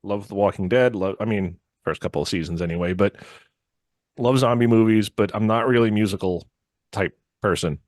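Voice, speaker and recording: A man's voice: on the low side, a little fast, darkish tone, no echo. A man in his thirties co-hosting a podcast, joking and easygoing in casual chat. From United States. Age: 30s. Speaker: podcast co-host. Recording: dry close sound.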